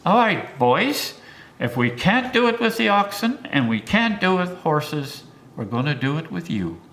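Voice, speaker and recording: A man's voice: on the high side, sing-song, unhurried, a bit bright, full character voice. A man voicing a tough pioneer father rallying his sons, rousing and commanding.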